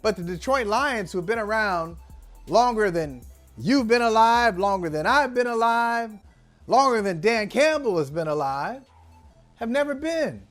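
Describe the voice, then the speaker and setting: A man's voice: high-pitched, animated, measured pace, soft background music. A man co-hosting a casual sports talk show, teasing his co-host with rambling questions full of restarts.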